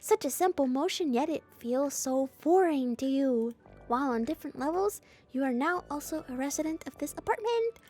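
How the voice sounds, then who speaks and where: Woman streamer, high and bright-toned, reads a story game aloud with playful asides; soft music under her. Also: moderate pace. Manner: playful, expressive, jokes at her own reading.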